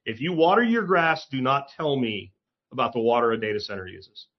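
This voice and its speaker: A commentary host delivers a casual opinion monologue, blunt and sarcastic, swearing often and tossing in emphatic asides. His medium-pitched voice moves a little fast, and the recording is muffled.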